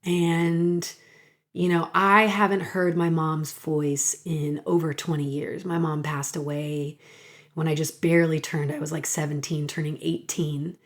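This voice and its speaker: A middle-aged woman tells a personal story on her podcast. She speaks slowly and gently in a slightly low voice. Her manner is emotional, with sighs and soft laughter, and at times her voice sinks to a near-whisper. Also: flat delivery. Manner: soft and slow, drops to a whisper in places. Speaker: podcast host.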